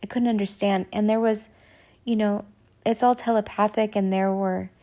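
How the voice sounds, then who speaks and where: A woman earnestly telling a spiritual testimony, halting and searching for words, often softening to a near whisper. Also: medium pitch, steady tone. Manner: earnest and emotional. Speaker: person sharing a spiritual testimony. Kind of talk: personal testimony monologue.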